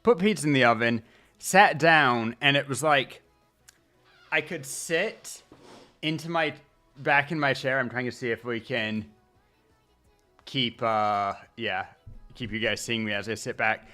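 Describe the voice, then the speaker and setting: A male streamer chatting casually, rambling along with pauses and restarts as he talks into his desk mic. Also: medium pitch, sharp tone, soft background music. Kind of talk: casual livestream chat. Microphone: desk mic at streaming setup.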